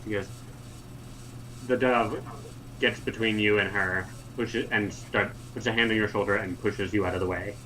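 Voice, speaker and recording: A man narrating as game master in an online tabletop game, descriptive and unhurried, with many "uh"s and "like"s. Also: lowish voice, fairly even intonation, pushed and bright, a little hiss or hum, low-quality recording.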